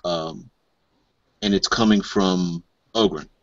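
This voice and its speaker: A low-voiced man narrates a tabletop role-playing game as game master, describing scenes haltingly. The sound is dry and dull, with a lo-fi quality. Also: dry recording.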